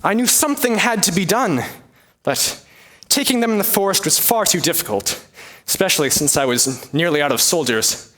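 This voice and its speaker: A man's voice: high voice, expressive, normal speed, a bit bright. A young man playing a scheming sheriff who narrates a one-man comedy in a theatrical storytelling manner. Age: young adult. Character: scheming male sheriff narrating his woes.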